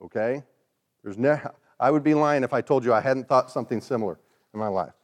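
A man's voice: medium pitch, fairly quick. A man preaching a sermon in a conversational way, acting out the voices of the people he quotes. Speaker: pastor.

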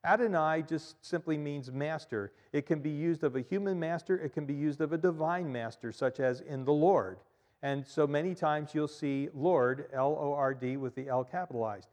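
A man preaching a sermon in a church, animated, often repeating and stressing his points, with frequent fillers. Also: on the high side, moderate pace, in a large hall. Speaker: pastor.

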